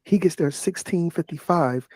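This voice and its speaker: A man's voice: a little high, normal speed, a little mellow, slight background noise. A man co-hosting a casual livestream, who reads from a web search and keeps asking joking questions.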